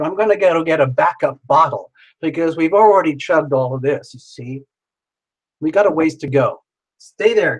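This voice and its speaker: A man's voice: a little high, slightly rough, low-quality recording. A man hosting a live tarot stream, who talks playfully and jokes around with sing-song asides. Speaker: tarot reader hosting a livestream.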